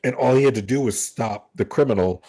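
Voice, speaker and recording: Male stream host; casual, animated, profane film chat. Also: mid-range voice, a little fast, husky. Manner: animated and profane, acts out dialogue. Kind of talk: casual watch-party commentary.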